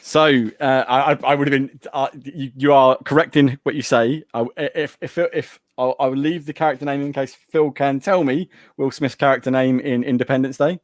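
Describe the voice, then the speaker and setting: A man's voice: medium pitch, steady tone, moderate pace, no echo, clean studio sound. Man hosting a quote quiz. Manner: playful, reads out quotes and teases. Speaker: podcast host running a movie quote quiz. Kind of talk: casual chat.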